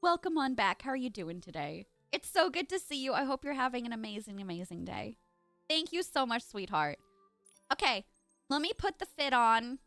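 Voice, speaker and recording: Young female streamer, chatty and gushing, high lively voice, dry close sound. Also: moderate pace, dry recording, soft background music. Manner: gushing, chatty, talks straight to chat. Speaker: live streamer. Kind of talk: casual live-stream chat while gaming.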